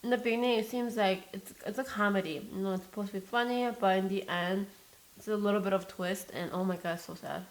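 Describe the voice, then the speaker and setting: A woman's voice: mid-range voice, steady tone, fast talker. A young woman talks casually in a mukbang-style vlog, telling stories in a rambling way full of fillers and false starts. She grows emotional easily, and a faint static crackle runs under her voice. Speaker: mukbang vlogger. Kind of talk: casual chat while eating. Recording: staticky mic noise.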